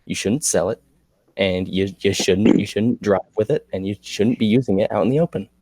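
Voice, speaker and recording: A man with a fairly low voice talks casually on a podcast and drops dry, joking asides. The sound is close and dry, with no room echo. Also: normal speed, a little mellow. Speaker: podcast co-host. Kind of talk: casual chat.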